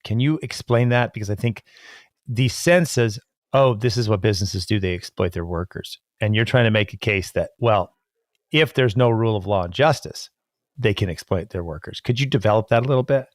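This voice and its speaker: A man hosting a podcast interview, reading quotes from a book aloud and asking questions in a thoughtful, halting way that often breaks off and restarts. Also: lowish voice, dry recording, clean studio sound. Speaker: podcast host.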